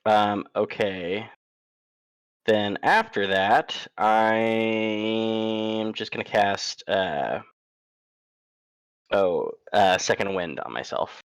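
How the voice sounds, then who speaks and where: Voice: mid-range voice, extremely slow, long pauses, clean tone, no room sound. A tabletop game player who talks hesitantly, with plenty of ums and uhs. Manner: hesitant, full of fillers. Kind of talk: casual play over voice chat.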